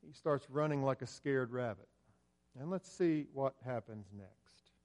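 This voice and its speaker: A man preaching a sermon, building to loud emphatic peaks and dropping low and slow.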